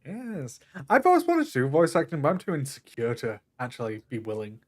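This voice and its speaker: A man's voice: on the high side, wildly swooping pitch, fairly quick, darkish tone. Laid-back young Northern English man. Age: young adult. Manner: laid-back, blunt, swears casually. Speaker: guest in chat. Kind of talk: casual chat.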